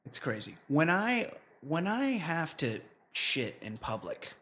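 A man co-hosting a comedy podcast, chatting casually and leaping up in pitch when he is incredulous. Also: big pitch swings, takes it slowly, sharp tone, a little hiss or hum. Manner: incredulous, jumps high in pitch for emphasis. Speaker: podcast co-host.

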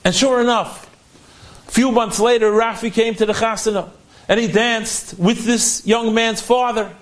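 High-voiced man telling a heartfelt story. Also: moderate pace. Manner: earnest, animated retelling with Yiddish and Hebrew terms. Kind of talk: retelling an inspirational story.

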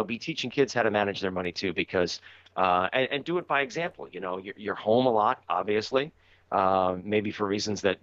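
Low-voiced man on a dull, dry line. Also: a bit bright, dry recording. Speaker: podcast co-host. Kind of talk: casual podcast advice. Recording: dull, dry remote audio.

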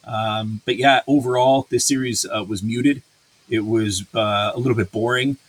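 Male podcast host, husky voice, profane and ranting, loose filler-heavy delivery. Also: mid-range voice, steady tone, moderate pace. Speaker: podcast host reviewing a series. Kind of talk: casual review chat.

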